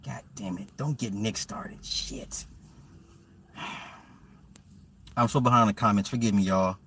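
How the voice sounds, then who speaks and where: A man's voice: fairly low pitch, slow pace, fairly bright tone, far from the mic, slight background noise. A man ranting bluntly and profanely on a casual livestream from his car, often repeating words as he talks to his viewers. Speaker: livestream host.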